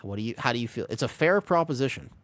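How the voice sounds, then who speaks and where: A man's voice: mid-range voice, lively intonation, fast, a bit bright. A man in his twenties chatting casually on a live stream, rambling and restless, full of restarts and the odd swear word. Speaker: Twitch streamer.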